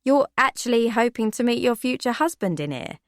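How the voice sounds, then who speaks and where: Brief: woman playing an easily shocked young woman, pitched well above the narrator. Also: animated, brisk, no room sound, studio quality. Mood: startled.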